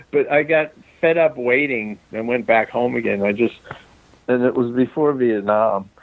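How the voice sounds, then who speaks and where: A man's voice: mid-range voice, no echo. An older man spins long, rambling anecdotes in a casual interview, breaking into small chuckles and restarting his sentences. He is slightly out of breath from walking around as he talks, and he comes through a thin, tinny phone line with no room sound around him. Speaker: film director guest. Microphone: phone call.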